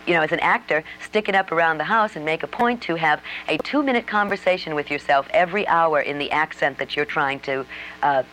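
Woman dialect coach, low voice, explanatory and unhurried, a faint hum behind. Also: fairly bright tone, low-quality recording. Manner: explanatory, demonstrates sample sentences, frequent fillers. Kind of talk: instructional talk on accents.

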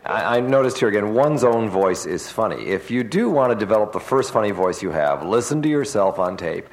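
A man giving deliberate advice on finding funny voices. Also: on the low side, lively intonation. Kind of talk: advising on technique.

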